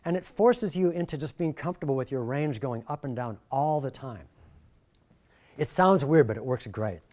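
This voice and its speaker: A middle-aged man leading a workshop, talking in a jokey, animated way and swinging his pitch and volume a lot. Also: normal speed. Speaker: workshop presenter. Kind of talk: lively workshop talk.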